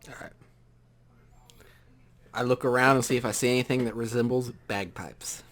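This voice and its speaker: A man at a tabletop game, speaking dryly and matter-of-factly about his character's plight. His pitch sits in the middle range. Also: steady tone, moderate pace, fairly bright tone. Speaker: player. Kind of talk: casual game table chat.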